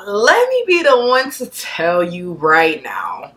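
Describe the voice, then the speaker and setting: A young woman hosting her own podcast, talking alone in a blunt, profane rant that jumps from loud outbursts to low mutters. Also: huge pitch swings, unhurried, hardly any pauses. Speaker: podcast host. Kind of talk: unscripted solo podcast rant.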